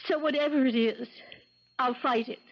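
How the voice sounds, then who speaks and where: A woman's voice: high voice, moderate pace. A woman playing an impulsive wife in hiding who pleads breathlessly, in a 1970s radio drama. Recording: dull old radio broadcast.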